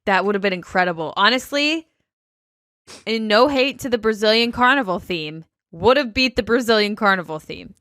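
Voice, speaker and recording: Female podcast co-host, opinionated and wry, bright tone, dry close mic. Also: mid-range voice, expressive, normal speed, no echo. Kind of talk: casual reality TV recap chat.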